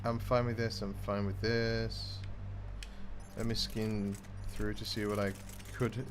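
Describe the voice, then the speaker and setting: A man's voice: fairly low pitch, flat delivery, takes it slowly, a little hiss or hum. A man casually commenting on his gameplay, joking and muttering through menus. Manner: chatty, jokey, mutters while reading menus. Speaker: gaming channel host.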